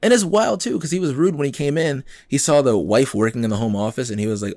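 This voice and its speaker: A male podcast host ranting through the news, his voice jumping between high and low as he acts out the people in the stories. He talks at a middle pitch, close to a dry mic. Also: quick pace, hardly any pauses, no echo. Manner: animated and exasperated, acts out quoted people, swears freely. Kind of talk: casual news commentary.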